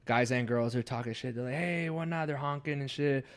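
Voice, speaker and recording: A man's voice: mid-range voice, fairly quick. A young man telling a ghost story casually on a podcast, swearing often and acting out the voices of his friends. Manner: swears a lot, animated when acting out quotes. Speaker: podcast host.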